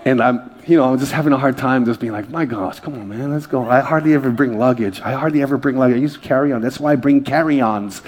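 A middle-aged male pastor from Hawaii, preaching a lively sermon full of jokes and calls to the congregation. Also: medium pitch, fast, few pauses. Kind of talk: sermon with humorous stories.

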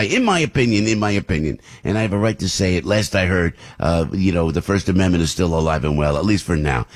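A male radio host in the studio, talking into the mic in a husky, slightly rough voice. He rambles through his opinions with restarts and asides. His pitch jumps up sharply whenever he gets indignant. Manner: rambling and heated, voice leaps up when outraged. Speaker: radio talk show host. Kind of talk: opinionated morning radio talk.

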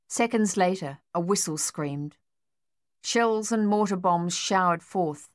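Low-voiced woman narrating an audiobook. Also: no echo, studio quality. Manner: steady, measured storytelling. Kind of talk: scripted narration.

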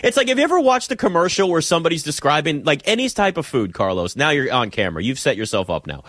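A man's voice: fairly high pitch, big pitch swings, fast talker, fairly bright tone, no echo. A man hosting a nationwide sports talk show, chatting casually, teasing his producer and rambling through his opinions. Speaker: sports talk radio host.

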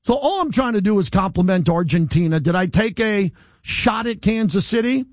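Brief: male sports radio host, middle-aged, lighter high voice, defiant unscripted rant, dry studio sound. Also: normal speed, no echo. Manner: animated, defiant, rambling without a script. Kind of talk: live radio monologue. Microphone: studio microphone.

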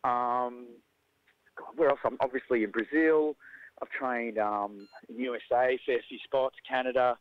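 An Australian man who coaches jiu-jitsu, talking in a lively, casual way and acting out the voices of people in his stories. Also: medium pitch, unhurried, dry recording, phone-quality sound. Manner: animated storyteller, acts out quoted voices. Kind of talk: casual conversation.

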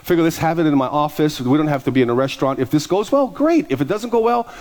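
A middle-aged pastor preaches from the pulpit, slipping into the voices of the people in his stories. His voice sits a touch higher than most men's. He is animated and laughs along with his own anecdotes. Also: fast talker. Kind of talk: sermon storytelling.

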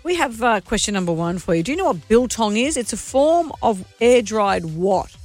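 A woman co-hosting drive-time radio, teasing her partner and quizzing callers. Her pitch jumps around in a lively way and sits fairly high, with faint music under the broadcast. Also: moderate pace, no room sound. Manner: teasing, lively quiz host. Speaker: radio co-host. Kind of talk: afternoon radio banter.

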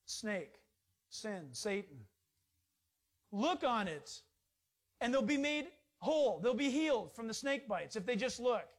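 A man preaching an informal sermon in a folksy, jokey way, swinging from loud bursts to hushed asides. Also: very high-pitched, very animated, slow, pauses often.

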